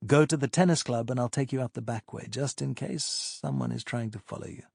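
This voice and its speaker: A man voicing a steady policeman who speaks in a measured, slightly pompous way. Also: medium pitch, gravelly, no room sound, studio quality. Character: calm steady country policeman.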